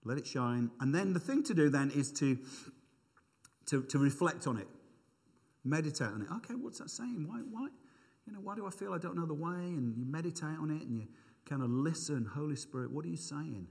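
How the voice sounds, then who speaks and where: A man's voice: fairly high pitch, expressive, fairly quick, creaky, a little mellow. A middle-aged man giving an informal, conversational sermon, thinking aloud with self-deprecating asides. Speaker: preacher. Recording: long hall reverb.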